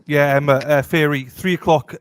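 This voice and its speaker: A man's voice: fairly high pitch, steady tone, normal speed, smooth, no room sound, clean studio sound. Jokey man co-hosting a live chat. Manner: jokey, friendly, bantering. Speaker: live-stream co-host. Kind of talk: casual live-stream chat.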